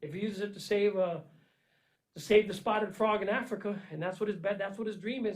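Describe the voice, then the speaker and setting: An earnest man preaches a motivational pep talk, repeating himself and calling his listeners "man." His delivery swings from loud, pushy urging to low, intense murmurs. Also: a little fast, rough recording. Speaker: vlogger giving life advice. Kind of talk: motivational monologue.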